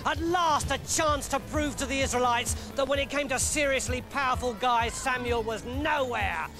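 A male storyteller narrates with playful energy, swinging between brisk, lively passages and hushed, quiet moments. Music plays under his voice throughout. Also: extremely high pitch. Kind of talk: scripted dramatic narration.

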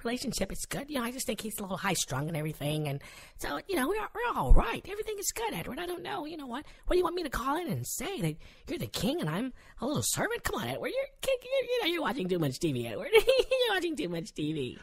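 A level-headed wife who scolds her bossy husband on a comedy call-in, as a woman acts her out. She rattles along quickly in a husky voice that leaps all over the place in pitch, exasperated rather than angry. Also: huge pitch swings, exaggerated voice. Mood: chatty. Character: sensible, scolding wife of the caller. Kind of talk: comedy radio call-in sketch.

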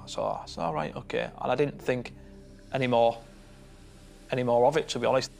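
A man recounting a personal tragedy as a bereaved father, in a halting way with restarts. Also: medium pitch, fairly even intonation, creaky, a little mellow, slight background noise.

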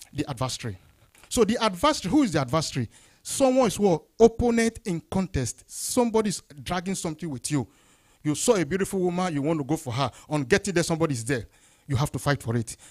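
Lively call-and-response preacher man. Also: fairly quick. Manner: call-and-response questions, rising then dropping low. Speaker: pastor. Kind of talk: sermon.

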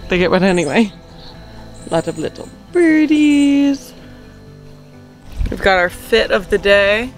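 A young woman with a bubbly, giggly, chatty manner, talking casually to a handheld camera for her travel vlog. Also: mid-range voice. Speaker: vlogger.

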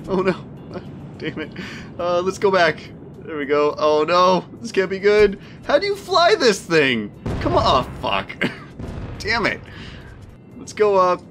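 Animated laughing man playing a game. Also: high-pitched. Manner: excitable, laughs often, swears at mishaps. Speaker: gaming video host. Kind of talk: let's play commentary.

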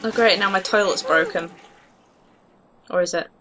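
A young woman giving casual, excitable commentary while playing a life-simulation game, gushing over cute pets. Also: on the low side, normal speed, slight background noise. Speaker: gaming video host.

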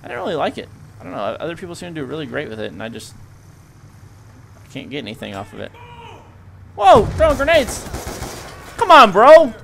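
A young man giving live gameplay commentary as a video host, excitable and yelping at sudden action. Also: mid-range voice, very fast, gravelly, pauses often, slight background noise.

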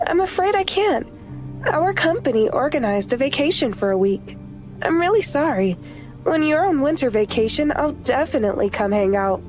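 A bright, eager young wife who talks high and a little breathless, as a woman narrator puts her on. Her lines sit over soft background music in an audiobook. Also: animated, normal speed. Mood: apologetic.

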